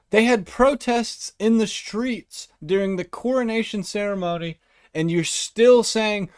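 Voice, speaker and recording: A man's voice: high-pitched, a little slow, clean tone, dry recording, clean studio sound. A man hosting a podcast, delivering a profane, mocking comedic rant. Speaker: podcast host.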